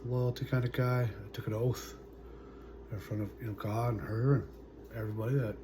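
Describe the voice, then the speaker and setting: Halting, soft-trailing man in his forties. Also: mid-range voice, flat delivery, noisy background. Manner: halting, full of "uh" and "you know", trailing off softly. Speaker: vlogger. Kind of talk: personal storytelling to camera.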